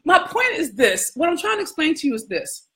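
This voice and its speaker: A woman's voice: high voice, big pitch swings, a little fast, a bit bright. A woman hosting a casual scripture contemplation, talking conversationally with frequent questions, profanity and laughter. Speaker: host.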